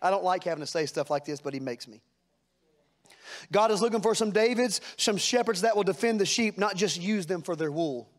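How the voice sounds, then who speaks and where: A man's voice: high voice, animated, fairly quick. A man preaching a sermon, folksy and plain-spoken, building to fervent rhetorical questions. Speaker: pastor.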